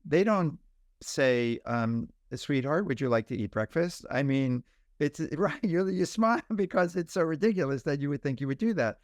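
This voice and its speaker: A man's voice: fairly high pitch, moderate pace, no echo, clean studio sound. Man explaining as a podcast guest. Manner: explanatory, animated with examples. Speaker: pediatrician guest. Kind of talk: podcast interview.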